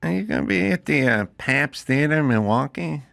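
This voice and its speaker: Lively, bright-voiced male podcast host. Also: fairly high pitch, brisk, gravelly, no room sound, clean studio sound. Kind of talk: casual chat. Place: studio.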